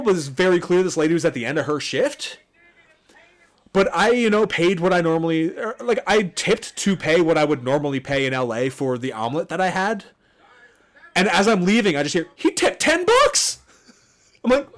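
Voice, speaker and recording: Casting: man, slightly high-pitched, casual podcast co-host, swears freely, storyteller. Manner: profane, storytelling, laughs often. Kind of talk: casual movie watchalong chat.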